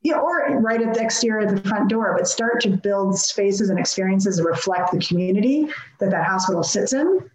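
A woman's voice: mid-range voice, animated, normal speed, hardly any pauses, darkish tone. Earnest woman in an echoey room. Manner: earnest, reflective, many restarts. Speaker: healthcare architect guest. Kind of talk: conversational interview.

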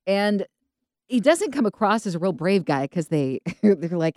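A woman co-hosting a podcast, telling Bible stories casually and acting out the characters in quick voices. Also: fairly low pitch, dry recording, studio quality. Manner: animated storytelling, acts out biblical characters in quick voices. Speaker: podcast co-host.

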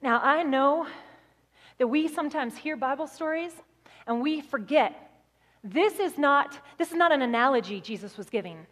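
High-voiced woman preaching in a hall. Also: normal speed. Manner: animated storytelling, acting out voices. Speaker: guest speaker. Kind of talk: sermon.

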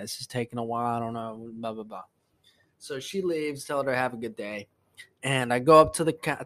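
A man hosting a casual solo podcast, telling a story in profane, animated bursts that climb into a rant. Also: medium pitch, no echo. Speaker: podcast host.

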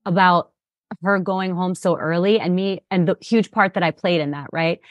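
A woman's voice: fairly low pitch, steady tone, moderate pace, no echo, highs cut off. A woman guest in a casual interview, talking animatedly with lots of fillers and laughs. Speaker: reality show contestant guest.

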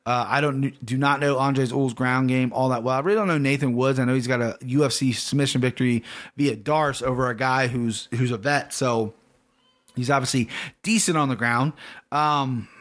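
Male solo podcast host, casual fight-pick rundown, mid-pitched, loose and profane, lots of restarts. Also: fairly even intonation, moderate pace, a bit bright. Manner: rambling, profane, self-correcting, off the cuff.

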